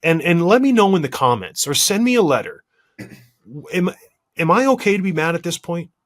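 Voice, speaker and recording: A man co-hosting a podcast, telling a story in an animated, exasperated and self-deprecating way. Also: fairly high pitch, a little fast. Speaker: podcast co-host. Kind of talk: casual podcast chat.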